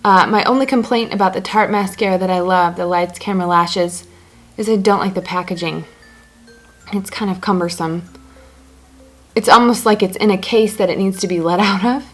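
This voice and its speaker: A woman's voice: mid-range voice, fairly even intonation, normal speed, soft background music. A woman casually talking through her makeup routine step by step, chatty and joking as she goes. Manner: chatty, self-narrating each step; joking asides. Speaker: beauty blogger.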